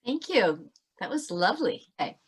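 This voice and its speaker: A woman author giving a brisk webinar talk on parenting over a video call. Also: medium pitch, very animated, slightly rough. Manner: brisk, talks fast to fit it all in. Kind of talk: webinar presentation.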